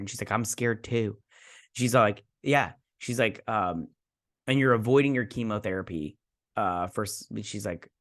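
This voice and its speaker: A man's voice: medium pitch, a bit bright. A young man from Michigan casually recapping a TV episode, rambling and acting out characters' lines as he goes. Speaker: host.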